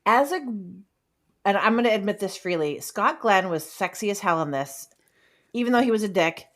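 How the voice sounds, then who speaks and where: A woman's voice: mid-range voice, expressive, normal speed, fairly bright tone. A woman on a comedy movie review podcast, chatting candidly and swearing with a laugh. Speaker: podcast co-host.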